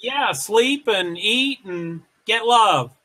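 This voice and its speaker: An American man co-hosting a casual live-stream chat. His voice is high and bright. He talks in a chatty, rambling way and breaks off to greet viewers as they come in. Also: lively intonation, takes it slowly. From United States. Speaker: co-host.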